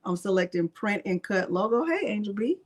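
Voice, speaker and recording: A woman's voice: mid-range voice, sing-song, a little fast. Chatty woman hosting a live craft stream. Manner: chatty, narrates her clicks aloud and answers live chat; talks to herself under her breath at times. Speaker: craft channel host. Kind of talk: casual live crafting tutorial.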